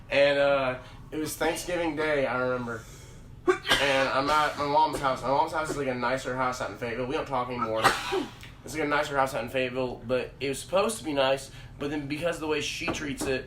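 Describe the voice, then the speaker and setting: Young man, podcast host, rambling profane storyteller, fast talker, distant mic, roomy echo. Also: medium pitch, sharp tone. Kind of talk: casual storytelling. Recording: roomy room, distant mic, faint background hum.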